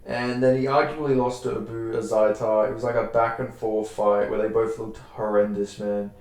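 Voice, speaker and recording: A man's voice: fairly low pitch, fairly even intonation, normal speed, darkish tone. An Australian man giving casual fight predictions, rambling, repeating himself and swearing offhandedly. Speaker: MMA fight predictions host. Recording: very echoey room.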